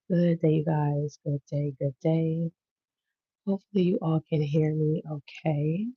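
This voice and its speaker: A woman's voice: low voice, steady tone, takes it slowly, pauses often, breathy edge, no room sound. A woman hosting a tarot-reading live stream in an easygoing, casual way, often repeating her greetings and thanks. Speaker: tarot reader and channel host. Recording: slightly dull lo-fi sound.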